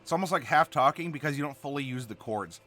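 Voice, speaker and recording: Lively man with a slight Southern drawl. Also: medium pitch, fast talker. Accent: slight Southern American. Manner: animated, playful, laughing. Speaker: host. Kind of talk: casual chat.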